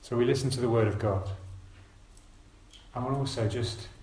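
Male preacher, mid-pitched, earnest and gentle exhortation, roomy church sound. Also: moderate pace. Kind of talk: sermon.

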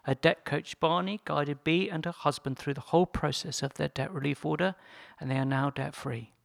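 Man reading a story, gravelly, dry close sound, earnest. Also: a little high, steady tone, normal speed, dry recording. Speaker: presenter.

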